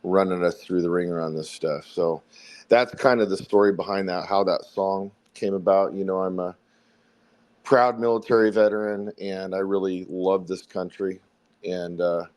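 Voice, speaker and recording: A man from South Carolina with a faint Southern accent, telling the story behind his song in a relaxed, rambling way during a casual interview. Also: sits low, moderate pace, rough recording. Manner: rambling, friendly storytelling with fillers. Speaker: songwriter guest.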